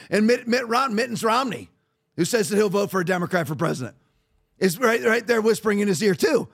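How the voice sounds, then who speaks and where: High-voiced man ranting as podcast host. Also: lively intonation, quick pace, creaky. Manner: heated, sarcastic, repetitive. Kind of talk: ranting political commentary.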